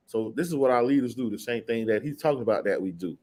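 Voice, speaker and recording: A man leading an informal scripture study speaks with a mid-range, everyday voice. He chats in a loose, offhand way and reads verses slowly and with weight. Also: medium pitch, lively intonation, a little mellow. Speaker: Bible teacher. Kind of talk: casual scripture study talk.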